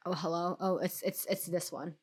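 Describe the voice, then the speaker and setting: A woman's voice: on the low side, steady tone, moderate pace, slightly rough. Sick-sounding woman streamer rambling. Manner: rambling, many fillers and restarts, swears. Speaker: game streamer. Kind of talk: casual gameplay commentary.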